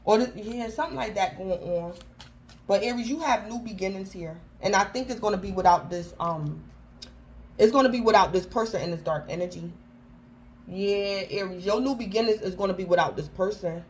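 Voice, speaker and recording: A woman's voice: medium pitch, a little fast, a little mellow, a little hiss or hum, rough recording. A woman giving a casual tarot reading, talking informally and keeping up a running address to her listener by star sign. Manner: chatty, keeps calling out the sign by name; informal slangy phrasing with frequent restarts. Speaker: tarot reader.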